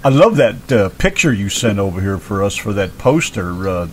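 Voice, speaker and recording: A man's voice: on the low side, sing-song, moderate pace, slight background noise. A man co-hosting a casual interview show, teasing and playful with his guest. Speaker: co-host. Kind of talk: casual radio-style chat.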